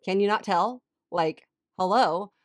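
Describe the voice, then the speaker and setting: Brief: God, playful and blunt, gently scolding , done by a woman. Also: medium pitch, a little slow, dry recording, studio quality, natural voice. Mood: teasing. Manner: playful, exasperated "hello" nudges.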